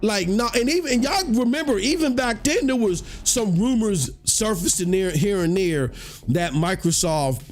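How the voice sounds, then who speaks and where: A man's voice: high-pitched, moderate pace, faint music behind. A man hosting a casual gaming podcast, telling stories in slangy, profane talk and acting out quotes in a raised voice. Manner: animated storytelling, slangy, swears freely, acts out quotes in a raised voice. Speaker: podcast host.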